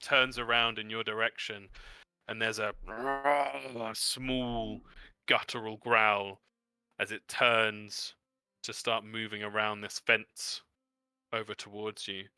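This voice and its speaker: A man's voice: fairly low pitch, level tone, slow pace, sharp tone, clear, resonant tone, no room sound. A man narrating as game master of a tabletop role-playing game, describing scenes vividly and adding sound effects.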